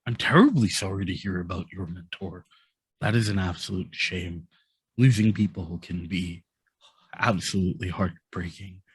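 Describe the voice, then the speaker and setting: A man's voice: mid-range voice, expressive, a little slow, husky, no echo. Man playing a jovial, effusive old baron. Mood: sympathetic. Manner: effusive, apologetic, warmly enthusiastic. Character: jovial big older male baron.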